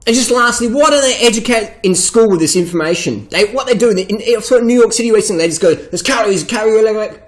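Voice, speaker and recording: High-voiced, blunt, swearing man. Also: low-quality recording. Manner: blunt, swearing, emphatic, mocking quoted voices. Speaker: vegan fitness vlogger. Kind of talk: profane rant to camera.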